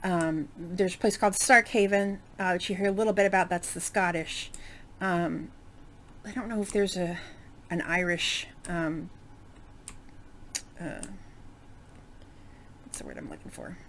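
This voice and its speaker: A woman's voice: fairly low pitch, steady tone, a little slow, long pauses, a bit bright, a little hiss or hum. A woman giving casual let's-play commentary, chatty and rambling, with many fillers and asides. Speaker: game streamer.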